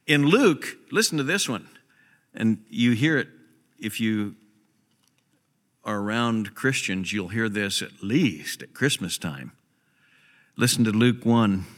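A man's voice: fairly low pitch, animated, slow, long pauses, in a large hall. A man preaching a sermon as a pastor, emphatic and repeating key phrases for stress. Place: church sanctuary.

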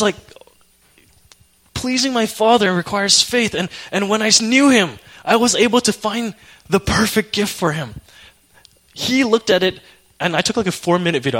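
A young man preaching a sermon, telling an emotional personal story in an animated way. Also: high voice.

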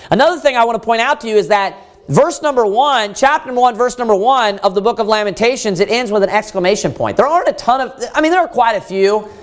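A man preaching a Bible teaching sermon, pressing his point with emphatic rhetorical questions and frequent fillers. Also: high voice.

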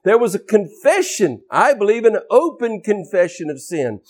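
A male preacher delivering a fiery, scolding sermon in a high voice that leaps all over the place. He drives his points hard, rising loud and then dropping low. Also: big pitch swings, moderate pace.

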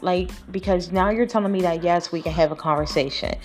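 Woman, podcast host, casual storytelling, blunt, profane, animated, tired and yawning, faint music behind. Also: lowish voice, a little fast, hardly any pauses.

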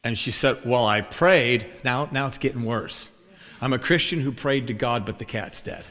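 A male preacher tells a story during a sermon, animatedly acting out the voices of the people on both sides of a dialogue. His voice is medium in pitch at normal speed. Long hall reverb fills the recording.

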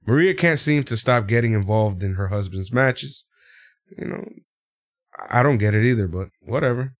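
A podcast co-host recaps a wrestling show in casual chat, speaking at normal speed in a clean studio recording without echo. He's animated, laughs often, and acts out quotes in high voices.

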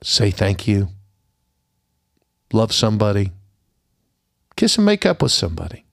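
A middle-aged man hosting a podcast, telling a personal story earnestly and going quiet at the sad parts before a holiday message. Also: on the low side, wildly swooping pitch, unhurried, creaky, no echo, studio quality. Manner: earnest storyteller, drops to a hushed tone at sad moments. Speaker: podcast host.

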